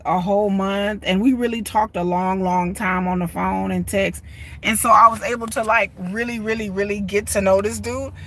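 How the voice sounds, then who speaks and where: A woman, chatting casually to her viewers on a phone live stream from inside a parked car, animated and talkative. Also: mid-range voice, dry recording. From Texas. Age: 40s. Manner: chatty, animated, often laughs and says y'all. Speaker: vlogger. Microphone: phone held at arm's length.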